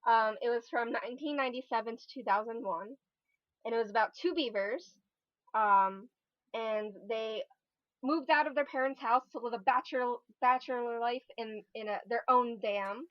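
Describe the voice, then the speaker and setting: Higher-voiced woman, dull lo-fi mic. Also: normal speed, no room sound. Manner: rambling, filler-heavy recounting. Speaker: podcast guest. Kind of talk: casual chat.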